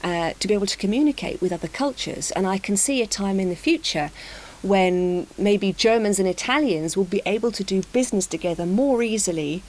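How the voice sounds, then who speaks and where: A woman's voice: mid-range voice, darkish tone, low-quality recording. A woman chatting casually as co-host, laughing easily. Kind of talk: casual discussion. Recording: faint hiss.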